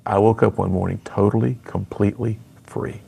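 Gravelly, husky middle-aged man. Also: fairly low pitch, steady tone, moderate pace, mellow. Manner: earnest, emphatic storytelling. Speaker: speaker and author. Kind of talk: personal testimony in an interview.

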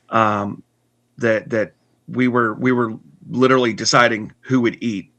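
A man earnestly telling his personal story in conversation, halting with restarts and repeats. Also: mid-range voice, flat delivery, fairly bright tone. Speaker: guest telling his testimony.

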